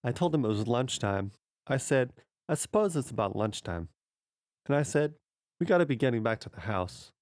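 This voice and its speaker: A man's voice: medium pitch, big pitch swings, moderate pace, darkish tone, no echo, clean studio sound, pitched above the performer's own voice, lightly acted. A man voicing Red, a talkative young boy who rambles defensively. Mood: rambling.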